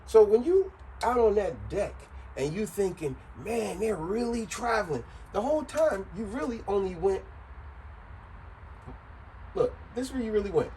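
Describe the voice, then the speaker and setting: Animated man explaining casually. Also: sits high, normal speed, pauses often, slight background noise, rough recording. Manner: repetitive, animated, joking. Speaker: vlogger.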